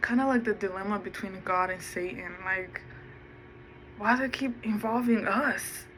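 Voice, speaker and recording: A woman vlogs in an unhurried, drawn-out way, thinking aloud and wandering from one subject to the next. Her voice sits at an ordinary pitch. A faint hum of background noise runs under her talk. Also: a bit bright, low-quality recording. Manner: musing, self-talking, drifts between topics. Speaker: vlogger. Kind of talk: rambling personal vlog.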